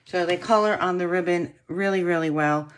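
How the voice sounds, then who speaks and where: A woman casually demonstrating card-making techniques, chatting to viewers and often clearing her throat. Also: fairly low pitch, brisk, slight background noise. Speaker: craft demonstrator.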